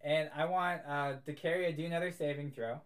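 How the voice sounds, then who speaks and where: A young adult game master narrates a tabletop game with friends, sounding casual and amused and dropping in plenty of little fillers. The pitch stays in the middle range, and the tone is steady and brisk.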